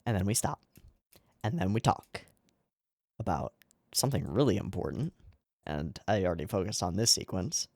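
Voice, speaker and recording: A man talking through an anime episode in loose, casual commentary, his pitch swooping up and down as he gets excited. He rambles, restarts and swears without a second thought. The sound is close and dry, with no room around it. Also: normal speed, gravelly, pauses often, dry recording. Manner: animated, rambling, swears freely. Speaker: anime reaction channel host.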